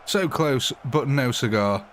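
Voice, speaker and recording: A man's voice: mid-range voice, takes it slowly, fairly bright tone, slight background noise. A man hosting a live game stream, chatting casually and jokily as he rambles between topics. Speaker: live-stream gamer host.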